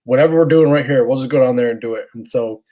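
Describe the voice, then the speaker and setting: A man's voice: mid-range voice, fast talker, poor audio. A man co-hosting a parenting podcast, telling a family story in casual chat and acting out his children's voices. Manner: animated storyteller, acts out his kids' lines. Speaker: podcast co-host, stay-at-home dad.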